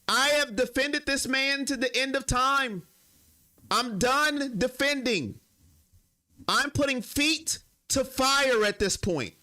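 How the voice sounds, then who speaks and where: A young man runs a sports live stream, talking straight to his chat in a casual, emotional way. His voice sits very high for a man and swings up and down a lot. It comes across bright and forceful.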